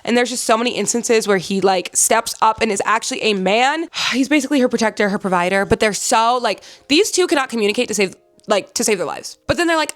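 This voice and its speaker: A young woman with a slightly high voice chats about a book in a casual vlog. She rambles with plenty of fillers and gushes excitedly. Now and then she slips into high-pitched squeals. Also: brisk. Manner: chatty, rambling, full of fillers. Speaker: book reviewer.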